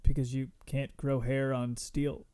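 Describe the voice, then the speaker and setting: A man's voice: mid-range voice, little pitch movement, unhurried, dark tone, clear, resonant tone. A man guesting on a podcast, dropping dry quips with stammering restarts in casual chat.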